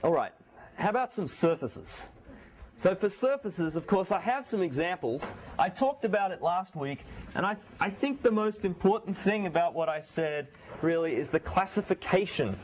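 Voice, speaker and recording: Casual male lecturer with a sore voice. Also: on the high side. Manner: conversational, restarts and self-corrections. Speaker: university math lecturer. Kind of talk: classroom lecture. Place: lecture hall.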